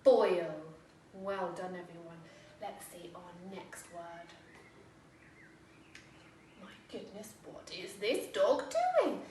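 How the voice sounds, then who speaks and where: An English woman, an infant school teacher, giving a phonics lesson to young children in a slow, sing-song, encouraging way and sounding words out. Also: on the low side, fairly even intonation. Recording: echoey room, voice from a distance, faint background noise.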